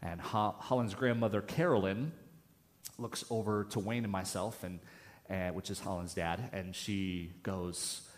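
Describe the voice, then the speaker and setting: A man delivers a relaxed sermon in church, his voice sitting a little low. He tells stories casually, often restarting his phrases. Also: unhurried. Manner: casual, storytelling, many restarts. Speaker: pastor. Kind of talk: conversational sermon.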